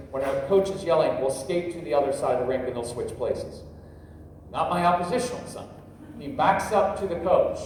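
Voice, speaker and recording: In a large convention hall, a middle-aged man with a fairly high, darkish voice leads a funny, meandering parenting workshop and speaks directly to the live crowd. His voice sounds far off, with hall echo and a little noise.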